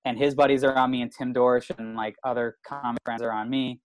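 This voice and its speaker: Speaking fairly quickly in a level, mid-range voice, this man is a stand-up comedian spinning a long, casual story. He rambles, curses, and leans constantly on the filler word "like."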